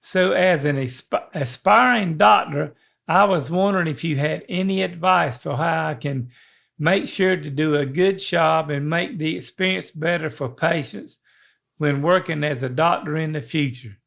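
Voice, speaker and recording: A man's voice: a little high, normal speed, vocal fry, a bit bright. An older man, co-hosting a podcast in a rambling, folksy way. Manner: rambling, folksy, many restarts. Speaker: podcast co-host. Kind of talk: casual chat.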